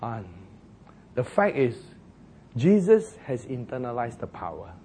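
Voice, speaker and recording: A man preaching a sermon as pastor, telling the story in an animated way, acting out the quoted voices and chuckling at his own jokes. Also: mid-range voice, unhurried, slight background noise.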